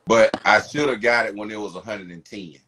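A man's voice: fairly low pitch, steady tone, a little fast, sharp tone, slight background noise, low-quality recording. A man on a podcast video call, talking in a laid-back, blunt way with slang and cursing. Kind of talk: casual chat.

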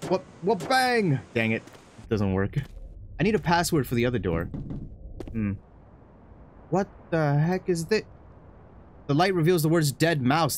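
A man streaming a horror game, joking, excitable and laughing often. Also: a little high, a little hiss or hum. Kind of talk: horror game let's play commentary.

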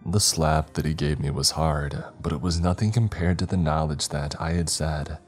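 A man giving first-person scripted narration of a horror story in a measured, grim way. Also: extremely low pitch, slightly rough. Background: faint music.

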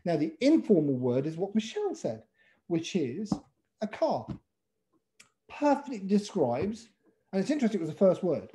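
A man with an English accent, a pitch coach teaching a webinar over a video call in a playful way, calling on participants by name. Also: warm tone. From England.

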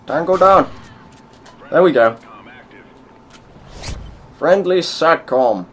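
Young guy doing game commentary, kinda higher voice, slow, swears a lot. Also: lively intonation, fairly bright tone. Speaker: gaming YouTuber. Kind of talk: gameplay commentary.

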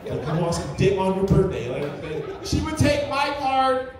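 High-pitched guy doing crude stand-up, sounds far from the mic in a super echoey club. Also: very animated, normal speed, a crowd in the background. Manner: crude, rambling, filler-heavy. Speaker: stand-up comedian. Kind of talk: stand-up comedy set. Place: comedy club stage. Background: audience laughter.

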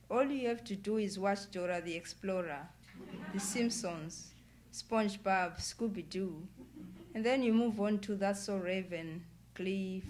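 A woman author reading her own novel aloud at an indoor public event, in a measured, deliberate way. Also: mid-range voice, darkish tone, slight background noise. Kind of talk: literary reading.

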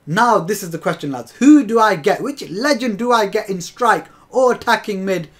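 A man's voice: high voice, expressive, normal speed. A young man giving casual commentary while opening game packs, chatty and exasperated, laughing through his disappointment. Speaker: gaming video host.

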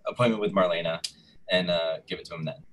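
A man's voice: sits low, fairly even intonation, fast talker, fairly bright tone, faint music behind, poor audio. A man co-hosting a casual chat, thinking aloud as he recaps a soap opera. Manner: chatty, thinks aloud as he talks. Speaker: co-host.

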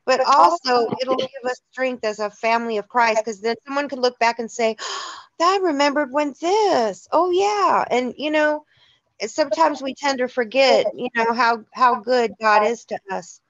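A woman's voice: a little high, steady tone, moderate pace, dry recording. A woman leading a casual Bible study, chatty and laughing, often restarting her sentences. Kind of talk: casual church study talk. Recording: dull lo-fi dry sound.

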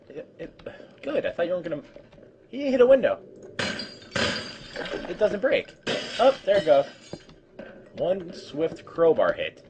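A man's voice: a little high, background noise. A man giving let's play commentary, swearing and complaining with jumpy outbursts. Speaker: gamer.

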